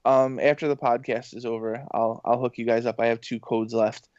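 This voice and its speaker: A man chatting as a podcast guest, speaking at a middling pitch. He rambles excitedly and piles up fillers. The recording is dull and dry. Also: normal speed, dry recording. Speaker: podcast guest, professor and voice actor. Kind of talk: casual interview chat.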